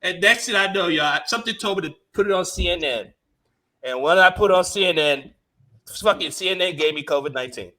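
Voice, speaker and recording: A man from Africa telling a story in casual panel chat, animated, profane and laughing. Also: sits high, a little fast. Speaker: panel guest, comedian.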